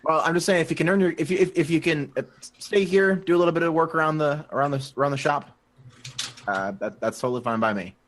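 A man's voice: a little high, fast talker, a bit bright, a little hiss or hum. A man playing in a tabletop game, chatting casually and stammering through his lines. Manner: stammering, laughs often between lines. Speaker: player.

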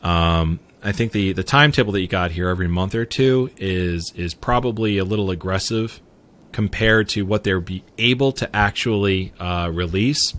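A man's voice: deep voice, normal speed, a bit bright. A man hosting a casual podcast, hesitant and repeating words with fillers. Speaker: podcast host.

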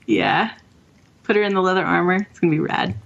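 A woman's voice: fairly low pitch, very animated, brisk, gravelly, muffled recording. A woman co-hosting a casual gaming podcast over a call, chatty and enthusiastic as she reads out listener messages. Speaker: podcast co-host. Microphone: remote call mic.

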